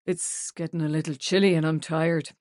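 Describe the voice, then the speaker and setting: A woman voicing a gentle, considerate middle-aged man who speaks softly and low. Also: level tone, moderate pace, no room sound, clean studio sound, close to an everyday voice. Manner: soft, lowered voice.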